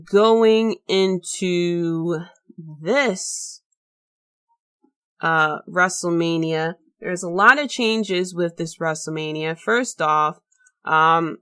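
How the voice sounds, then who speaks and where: A woman hosting her own podcast, talking casually in a chatty, rambling way with lots of fillers and restarts. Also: lowish voice. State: tired, late at night. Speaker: podcast host. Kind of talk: casual solo podcast talk.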